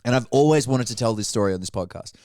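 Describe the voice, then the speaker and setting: Male co-host, very expressive, bawdy humour, dry close mic. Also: medium pitch, fast, no echo. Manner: animated, crude jokes, acts out voices. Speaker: podcast co-host. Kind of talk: casual chat, comic storytelling.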